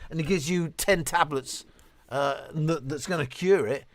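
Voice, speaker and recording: A man in his fifties hosts a relaxed livestream, chatting away as he answers viewer questions and frequently cutting himself off to start over. His voice is slightly high and a bit bright, with lively intonation at a normal speed.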